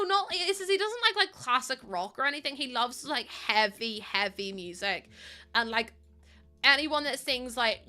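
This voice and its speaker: A young woman chatting casually to her stream, full of "like" and quick laughs. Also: a little high, pushed and bright. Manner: chatty, laughs often, lots of "like".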